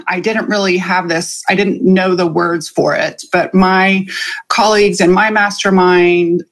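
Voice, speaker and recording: A woman hosting a live podcast episode, talking casually with frequent ums and light laughs as she goes through her notes. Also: lowish voice. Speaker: podcast host and coach.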